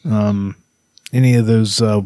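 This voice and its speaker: A man's voice: fairly low pitch, steady tone, measured pace, mellow, no room sound. A man co-hosting a podcast in casual, profane, rambling chat. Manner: laid-back, profane, rambling. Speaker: podcast co-host.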